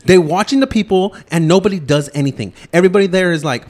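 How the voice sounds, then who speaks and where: Podcast host, man, fast profane movie rant, higher-pitched voice. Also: expressive. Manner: loud, swearing, rapid ranting.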